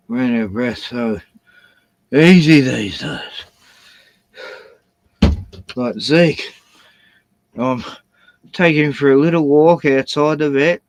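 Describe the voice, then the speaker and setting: An older man with a broad Australian accent spins a casual story in an unhurried drawl. His voice is gravelly, with plenty of swearing, sighs and chuckles. The sound is dry and close, with no room around it. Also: medium pitch, no echo, rough recording. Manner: sweary, sighing, laughs through his story. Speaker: vlogger. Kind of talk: casual rambling anecdote.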